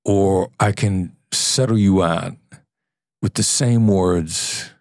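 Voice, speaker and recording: A man's voice: sits low, takes it slowly, darkish tone, dry recording, clean studio sound. A man, a former negotiator, explaining ideas in a conversational podcast interview, sometimes acting out different tones of voice. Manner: earnest and explanatory, acts out tones of voice to illustrate.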